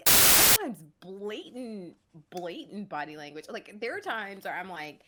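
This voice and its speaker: Female co-host, lowish voice that swings widely, chatty and animated. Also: moderate pace, few pauses, slight background noise. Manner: animated storytelling, trails off and restarts, laughs easily. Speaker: podcast co-host. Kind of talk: casual comedic chat.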